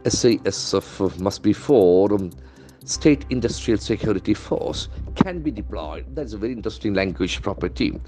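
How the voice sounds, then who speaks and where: Man, teacher, low voice, faint music underneath, spells words letter by letter. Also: animated, normal speed, warm tone. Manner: methodical, spells words out letter by letter, keeps calling words beautiful. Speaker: English language trainer. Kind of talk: lesson.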